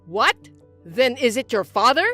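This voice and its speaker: A woman putting on a shrill, bossy mother-in-law. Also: big pitch swings, unhurried, pushed and bright, soft background music, full character voice. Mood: shocked. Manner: indignant, accusing, whiny. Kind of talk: dramatized story reading.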